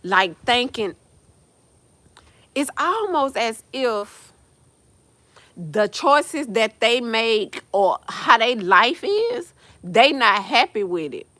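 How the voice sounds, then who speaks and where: This livestream host is a young woman with a higher voice, talking slowly and pausing a lot in a dry recording. She rants casually, bluntly and with profanity, getting animated and laughing along the way.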